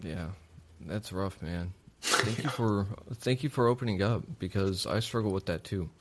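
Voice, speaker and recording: A man's voice: deep voice, moderate pace, very noisy. A man hosting a recovery podcast, talking in a supportive, open, conversational way. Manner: supportive, open, many short affirmations. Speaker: podcast host. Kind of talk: casual interview conversation.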